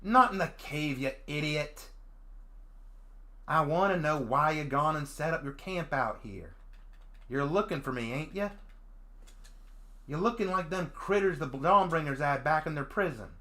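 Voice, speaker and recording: A man voicing a rough, distrustful young dragon girl with a put-on Southern country accent, speaking low and curt with rural grammar in a visual novel reading. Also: animated, unhurried, pauses often, bright, forceful tone. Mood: hostile. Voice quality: low, frustrated, growling. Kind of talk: visual novel read-aloud.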